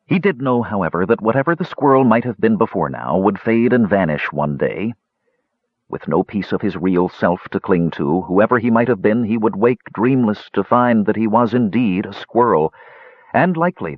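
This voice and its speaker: Casting: male audiobook narrator, husky and lowish, very expressive phrasing, fantasy reading. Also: no room sound. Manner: measured storytelling, animated phrasing. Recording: dull dry lo-fi recording.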